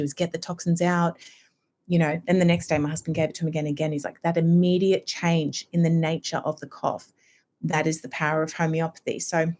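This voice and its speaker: A woman's voice: fairly low pitch, darkish tone. A woman, a homeopath guest chatting on a podcast and explaining things in an easy, conversational way. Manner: chatty, explanatory, acts out quoted people. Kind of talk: casual podcast interview.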